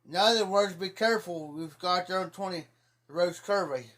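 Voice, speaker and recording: A man's voice: high-pitched, moderate pace, fairly bright tone. A man telling rambling, folksy stories about local sayings in a casual, teasing way. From Ohio. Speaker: livestreamer. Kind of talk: casual storytelling.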